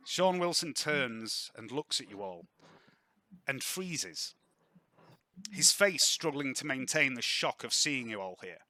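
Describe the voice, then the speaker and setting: Lively, bright-voiced male game master. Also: medium pitch, takes it slowly, dry recording. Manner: lively, descriptive narration. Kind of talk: narrating a tabletop game.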